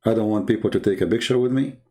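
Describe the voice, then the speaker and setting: A Christian public speaker talks in an interview with a rapid-fire delivery and a dark tone, earnest and emphatic, his English phrased like a non-native speaker's. He acts out the people he quotes with big jumps in pitch.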